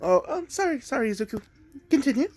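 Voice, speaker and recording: A man voicing a gentle, fond middle-aged mother who speaks softly and dotingly. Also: very high voice, very animated, quick pace, soft background music, voice pushed up, full character voice.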